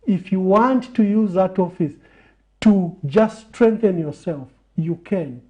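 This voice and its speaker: Man with a measured, preaching cadence. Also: high voice, mellow, dull audio. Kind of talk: reflective talk in a TV interview.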